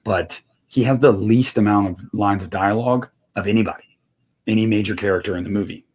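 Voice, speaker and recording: Man, low deep voice, laid-back podcast talk, thoughtful. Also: fairly quick, a little mellow, slight background noise. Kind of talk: casual chat.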